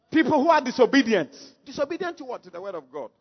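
A man preaching a sermon. He is emphatic, swings from quiet asides to shouted calls, and keeps asking rhetorical questions. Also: very high-pitched, sing-song, fast, hardly any pauses, husky. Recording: dull lo-fi sound with long hall reverb.

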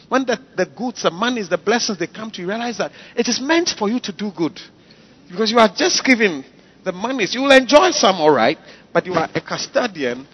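A man preaches with a high, animated voice that swoops up and down as he drives his points home. He repeats key phrases for the congregation. The recording sounds dull and lo-fi. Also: slightly rough. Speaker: pastor. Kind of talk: sermon.

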